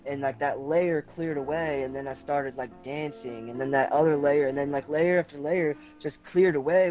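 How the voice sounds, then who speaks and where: A man speaks as a guest on a conversational show and tells a personal story in a loose, rambling way. He keeps reaching for "like" between his phrases. His voice sits at an ordinary middle pitch, with faint music underneath. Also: darkish tone, dull audio. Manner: rambling, leans heavily on filler "like". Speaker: podcast guest.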